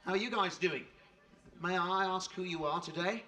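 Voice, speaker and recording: A man's voice: high-pitched, moderate pace, pushed and bright. A man hosting a live fan panel, joking and bantering with the audience.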